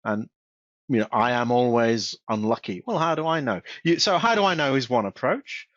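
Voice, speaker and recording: A man presenting a casual webinar on self-help. He often stumbles, repeats his words and restarts his sentences, and he reads example sentences in a flat voice. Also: mid-range voice, moderate pace, no echo. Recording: dull, dry close-mic recording.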